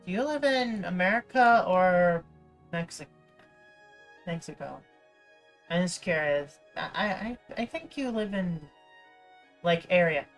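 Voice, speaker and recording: Slow, rambling woman streamer. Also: lowish voice, animated. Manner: rambling, playful, self-interrupting. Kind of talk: casual gameplay commentary. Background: faint game music.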